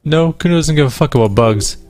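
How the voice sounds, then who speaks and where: Brief: man doing a cocky, crude teenage punk, pitched up, brash and loud. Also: animated, a little fast, faint music behind, close to an everyday voice. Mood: dismissive. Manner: swaggering, crude. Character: brash cocky teenage boy talking of himself in third person.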